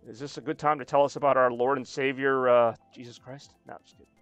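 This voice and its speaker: A man's voice: medium pitch, little pitch movement, fast, fairly bright tone, no room sound, soft background music. A man streaming a racing game, chatting casually with a rambling, self-deprecating, joking manner. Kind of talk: casual live-stream chat while playing.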